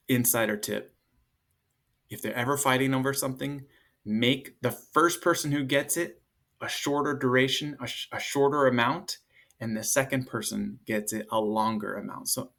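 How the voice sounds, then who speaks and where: A man in his thirties giving casual parenting advice to camera. He talks loosely with fillers and jumps into a higher voice to act out short lines of parents and kids. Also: steady tone, normal speed, fairly bright tone. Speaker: parenting coach.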